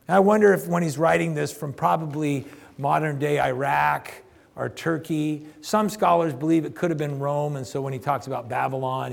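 A male pastor in his fifties preaches in a conversational, emphatic way. His voice is gravelly and sits a little high. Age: 50s. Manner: conversational, emphatic, addresses congregation directly. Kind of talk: sermon.

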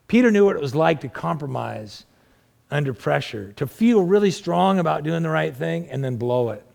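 A man preaching as a pastor, talking to the congregation in a conversational way and asking many rhetorical questions, moving between emphatic raised passages and low, quiet asides. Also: vocal fry. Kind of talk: sermon.

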